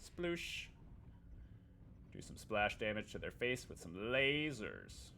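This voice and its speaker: Streaming a video game live from home, a man with a fairly low, sharp voice and vocal fry chats and jokes with viewers. He is very animated but unhurried, tossing in goofy beep-boop noises, with a little hiss or hum present.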